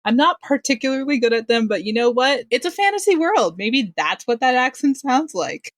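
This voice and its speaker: Appearing as a guest on a podcast, a woman who works as a game master chats casually in a relaxed interview, often laughing at herself in a self-deprecating way. Her voice sits high with lively intonation at a normal speed, and the studio-quality recording has no echo.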